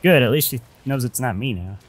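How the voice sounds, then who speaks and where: A man's voice: medium pitch, expressive, a little fast, background noise. A man chatting and joking while playing a co-op video game, often reading characters' lines aloud in playful voices. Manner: joking, reads robot dialogue aloud in silly voices. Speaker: co-op game player. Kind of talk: casual chat while playing.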